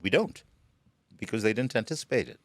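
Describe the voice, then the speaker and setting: A man co-hosting a political podcast, explaining things in a measured, wry way. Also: on the low side, animated, dry recording, clean studio sound. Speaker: podcast co-host. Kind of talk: casual political chat.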